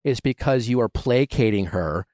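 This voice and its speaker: A man's voice: medium pitch, lively intonation, normal speed, darkish tone, dry recording, studio quality. A man from the Midwest hosting a podcast, giving direct advice in casual chat. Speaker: podcast host.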